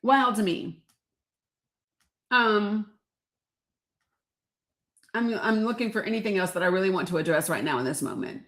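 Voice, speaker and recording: A woman's voice: mid-range voice, normal speed, pauses often, a bit bright. A middle-aged woman hosting a live stream, talking bluntly and sarcastically and swearing freely as she greets her viewers. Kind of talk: casual political commentary stream.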